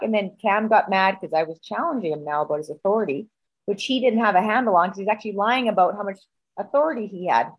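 A woman on a video call telling a personal story in a heated, profane, animated way. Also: medium pitch, fast, slightly rough, rough recording. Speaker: guest.

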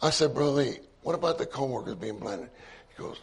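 A man's voice: medium pitch, lively intonation, fairly quick, vocal fry, slightly rough. A man speaking at a church meeting, telling a personal story in a conversational way and acting out the dialogue. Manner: conversational anecdote with quoted dialogue and laughs. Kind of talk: sermon storytelling.

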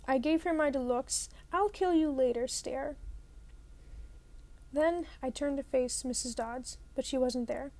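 A woman's voice: sits high, mellow. A woman reading a novel aloud in the first person, narrating plainly and now and then rereading a line. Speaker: audiobook reader.

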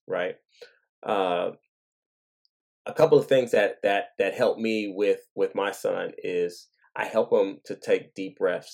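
Gravelly low-voiced man, earnest. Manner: earnest, gentle, thinking aloud. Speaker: father and podcast host. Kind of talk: casual reflective monologue.

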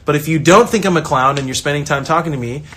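Energetic man giving pep talk. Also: on the high side, quick pace, a little hiss or hum. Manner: energetic, acts out quoted voices, rambling restarts. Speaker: soccer coach and online creator. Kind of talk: casual motivational talk.

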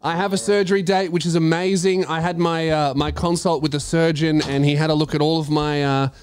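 A man's voice: fairly high pitch, level tone, fairly quick, clear, resonant tone, no room sound. A young Australian man hosting a podcast, telling a story in casual chat, swearing and acting out his own reactions. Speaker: podcast host.

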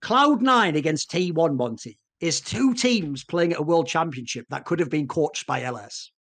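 A man giving casual esports podcast banter as an analyst, ranting in an animated way and swearing often. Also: fairly high pitch, normal speed.

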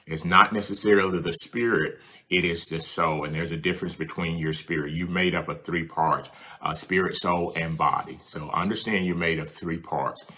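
Male preacher, deep voice, bright forceful tone, earnest, repeats his points, speaks to the listener. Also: fairly even intonation, normal speed, slightly rough. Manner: earnest and repetitive, addressing the listener directly. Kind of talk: sermon with prayer ministry.

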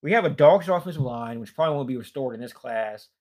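Worn out and fatigued, a young man lets loose a casual, cursing rant, with sighs and trailing pauses between frustrated outbursts. He talks fast and expressively at an ordinary middle pitch, with a darkish tone.

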